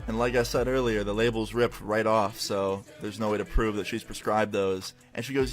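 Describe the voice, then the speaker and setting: A man's voice: lowish voice, fairly quick, few pauses, faint music behind. Young man animatedly retelling a school story. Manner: acts out quoted voices in an animated retelling. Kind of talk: casual storytelling.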